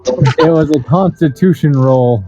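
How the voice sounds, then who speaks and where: A man playing a tabletop role-playing game, cracking deadpan crude jokes. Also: a little high, unhurried. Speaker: player. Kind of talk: tabletop role-play banter. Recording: dull lo-fi recording with faint music.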